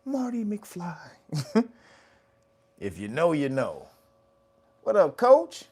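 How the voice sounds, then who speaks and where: A man's voice: wildly swooping pitch, takes it slowly, breathy edge. A man hosting a casual livestream, greeting viewers by name, laughing often and swearing casually. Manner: rises to a high, loud laughing voice when teasing. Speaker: livestream host.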